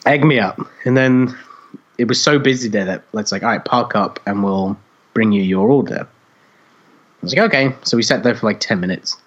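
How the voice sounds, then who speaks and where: A man co-hosting a podcast, telling a story in casual chat, animated and swearing freely as he acts out other people's voices. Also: on the low side, normal speed, dull audio. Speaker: podcast co-host.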